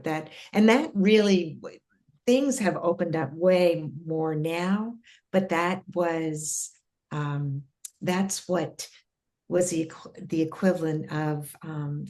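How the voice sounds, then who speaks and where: Middle-aged woman guest, low-pitched, earnest and rambling with fillers. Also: warm tone. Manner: earnest, many fillers and restarts. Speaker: guest telling spiritual experiences. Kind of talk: casual interview storytelling.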